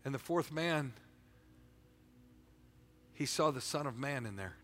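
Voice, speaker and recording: A man's voice: medium pitch, a little slow, long reverb tail. A man preaching a sermon in a church, talking casually and with energy, often repeating and restarting words. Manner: energetic, colloquial, repeats himself, stumbles over words. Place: church sanctuary.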